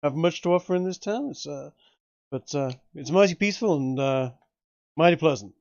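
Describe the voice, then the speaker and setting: A man voicing a friendly male frontier sheriff with a put-on old-time American accent, drawling and halting. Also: a little high, lively intonation, darkish tone, dry recording, dull audio. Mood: welcoming.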